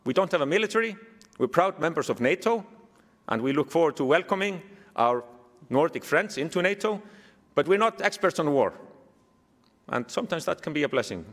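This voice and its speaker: A man with an Icelandic accent giving a keynote speech, telling a story with animated humor. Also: on the high side, brisk, long pauses. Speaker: keynote speaker. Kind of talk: speech to a summit audience. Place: large hall. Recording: long hall reverb.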